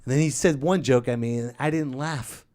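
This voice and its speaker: A man hosting a podcast, telling a comic story as an exasperated rant that breaks into yelling, close to a studio microphone. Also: mid-range voice, moderate pace. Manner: exasperated, animated, bursts into yelling. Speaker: podcast host.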